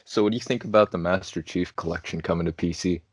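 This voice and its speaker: A man's voice: deep voice, fairly even intonation, fast talker, breathy edge, no echo. A young man co-hosting a casual podcast, joking crudely and laughing often. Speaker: podcast co-host. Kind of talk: casual chat.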